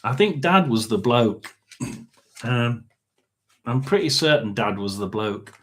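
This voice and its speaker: A middle-aged man reads tarot cards in a casual session. He talks slowly at a mid pitch. He rambles and halts, with plenty of ums and throat clearing between thoughts. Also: lively intonation, a bit bright. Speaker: tarot and spirit box reader. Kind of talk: casual livestream reading.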